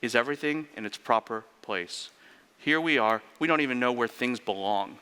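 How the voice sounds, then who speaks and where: A man preaching a sermon in an animated way, firing off rhetorical questions and sarcastic asides. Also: mid-range voice, moderate pace, clean tone. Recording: long reverb of a large hall.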